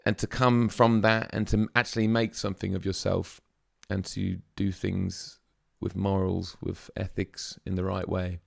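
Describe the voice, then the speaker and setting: A man's voice: low-pitched, little pitch movement, a little slow, gravelly, hardly any pauses, no room sound, clean studio sound. A man hosting a music reaction video, musing aloud in a casual, chatty way with plenty of fillers.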